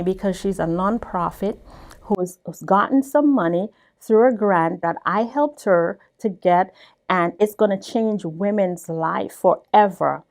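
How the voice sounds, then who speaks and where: A woman's voice: medium pitch, a little slow. Emphatic woman telling her story. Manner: emphatic, repeats words when excited. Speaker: business owner being interviewed. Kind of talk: storytelling interview talk.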